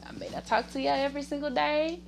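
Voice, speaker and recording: A woman with a Southern US accent hosting her own podcast, rambling casually, laughing often and giving shout-outs to family and friends. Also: high-pitched, sing-song, fast talker, vocal fry, very noisy. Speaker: podcast host. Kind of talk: casual solo podcast chat.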